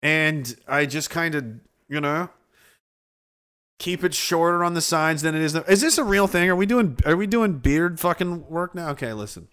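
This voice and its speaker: Profane, lively-voiced male streamer. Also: a little high, moderate pace, clear, resonant tone. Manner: profane, rambling, laughs often. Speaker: streamer reading chat. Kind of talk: casual chat.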